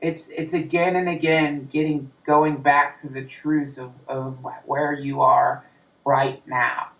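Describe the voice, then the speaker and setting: A man's voice: mid-range voice, level tone, takes it slowly. A man talking as a comedian guest in an interview, in an intense, profane rant, sometimes acting out the voice of his inner critic. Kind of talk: interview conversation. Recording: roomy, distant, dull sound.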